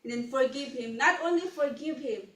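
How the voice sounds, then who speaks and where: Woman preacher, fairly high voice, earnest and halting. Heard from off mic in a roomy hall. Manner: earnest, halting, repeats words while preaching. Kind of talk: sermon. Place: church hall. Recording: echoey hall, mic from a distance.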